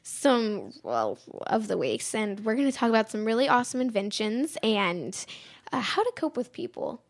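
A woman's voice: fairly high pitch, very animated, moderate pace. A teenage girl co-hosting a casual chat show, rambling and giggly, full of "like". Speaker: co-host.

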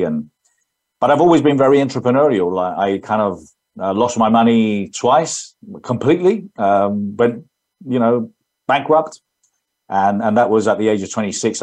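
A man's voice: lowish voice, darkish tone. A man in his fifties with an English accent, answering interview questions in an earnest, rambling way with frequent restarts. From England. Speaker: guest entrepreneur.

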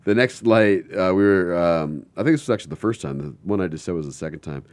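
A man's voice: low voice, animated, fast talker, no room sound. A man hosting a radio talk show in a studio, telling rambling stories in casual chat before throwing to music. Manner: chatty, rambling storyteller. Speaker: radio host.

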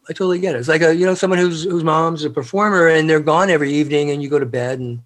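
A middle-aged man speaking as a guest in a relaxed interview. His voice sits a little high for a man, and he rambles through his stories with lots of fillers and "you know"s. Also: very fast, hardly any pauses. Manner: rambling, chatty, with many fillers and laughs. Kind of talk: casual storytelling interview.

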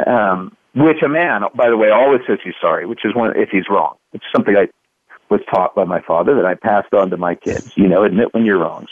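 A man's voice: mid-range voice, dry recording. A man in his fifties from Kentucky, a guest author telling a family story in a radio interview and acting out the quoted lines. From Louisville, Kentucky, USA. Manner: animated storyteller, acts out quotes. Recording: dry, phone-like line.

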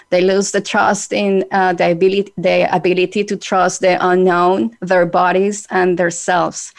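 A woman with a Spanish accent hosting a podcast, talking in an earnest, measured way with hesitant fillers. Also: on the low side. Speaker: podcast host. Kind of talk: reflective podcast talk.

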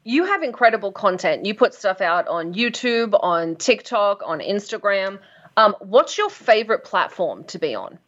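A woman's voice: mid-range voice, sing-song, normal speed, fairly bright tone. A woman hosting a radio talk show, upbeat and breezy as she interviews her guest, in a slightly dull recording.

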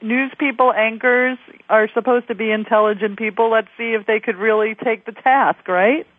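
A woman's voice: fairly high pitch, steady tone, moderate pace, dry recording. A woman radio host chatting in a talkative, candid and opinionated way during an interview. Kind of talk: interview chat. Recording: tinny phone line, dry.

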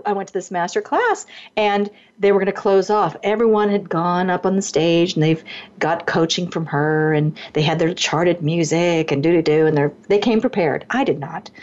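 A middle-aged woman, a singer and voice teacher, telling lively anecdotes as a radio guest, her voice leaping up when she acts out what others said. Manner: lively anecdotes, voice leaps high when acting out quotes. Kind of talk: animated storytelling in a radio interview. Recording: dull lo-fi radio broadcast.

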